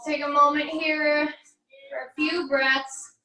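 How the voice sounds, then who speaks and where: An American woman, a fitness instructor, calmly guiding a barre stretching class with encouraging cues and light jokes. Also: sits high, takes it slowly, reverberant, recorded from a distance, low-quality recording.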